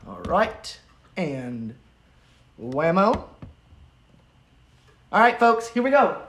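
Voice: mid-range voice, very animated, extremely slow, fairly bright tone. Chatty livestream host in a roomy space. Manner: chatty, upbeat, rambling with fillers. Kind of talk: casual livestream chat. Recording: roomy sound from a distant mic.

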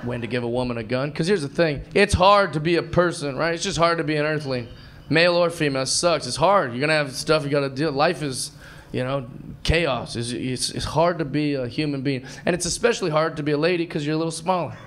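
A man in his thirties doing brash live stand-up comedy, swinging between shouted punchlines and muttered asides. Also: a little high, a little fast. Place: comedy club stage with a laughing audience. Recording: live club recording with audience noise.

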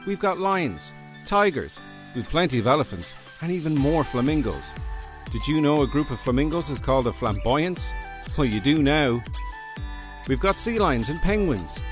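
A man putting on a loud, bouncy, over-eager radio ad announcer voice, selling hard. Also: on the high side, pitched above the performer's own voice.

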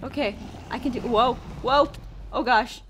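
A high-pitched woman chatting through a game with lots of excited exclamations and playful storytelling. Her recording carries a faint layer of background noise. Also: measured pace. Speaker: gaming video host. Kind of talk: casual gameplay commentary.

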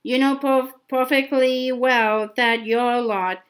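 A furious, bullying middle-aged uncle, read by a woman in a fairly high, slow voice. He trips over his words and repeats them as he rages. It sounds like an audiobook read aloud by an amateur. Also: level tone. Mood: angry. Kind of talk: reading a novel aloud.

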